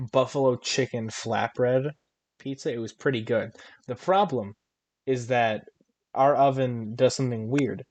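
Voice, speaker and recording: A man's voice: mid-range voice, no room sound. Rambling young man, dry close sound. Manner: rambling storyteller with many restarts and fillers. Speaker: podcast co-host. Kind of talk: casual chat.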